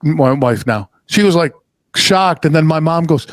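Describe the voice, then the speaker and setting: A middle-aged man hosting a podcast, telling a story in casual chat, animated and swearing freely. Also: fairly high pitch, unhurried, no room sound. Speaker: podcast host.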